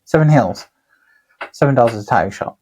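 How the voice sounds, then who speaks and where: A husky-voiced man co-hosts a casual podcast, winding through long anecdotes with loose asides and the odd curse. His voice sits at a middling pitch with a slightly rough, breathy edge. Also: lively intonation, a little fast, darkish tone. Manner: rambling, sweary anecdotes. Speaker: podcast co-host, tattooer. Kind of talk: casual storytelling chat.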